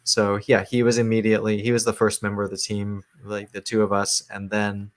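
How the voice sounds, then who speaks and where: Man, low voice, flat intonation, halting, filler-heavy, interview guest. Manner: halting, many fillers and restarts. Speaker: comic book writer, guest. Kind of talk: casual interview talk.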